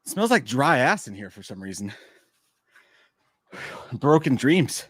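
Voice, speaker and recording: A man's voice: mid-range voice, big pitch swings, a little slow, long pauses, slightly rough, no room sound, clean studio sound. A man co-hosting a casual live stream, rambling through stories with crude, self-mocking jokes. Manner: rambling, chatty storytelling.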